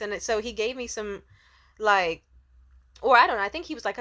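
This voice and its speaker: A woman in a casual storytime rant, profane and exasperated. Her pitch sits mid-range, and she jumps up high when mimicking other people's lines. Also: a little fast, fairly bright tone. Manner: profane, exasperated, acts out quotes in high voices.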